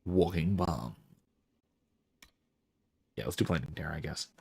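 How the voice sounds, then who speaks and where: Reading chat out loud and mulling over skill choices, this streamer comments casually as he plays a fantasy game. His voice is very deep, a little mellow and slightly rough, and he takes his time.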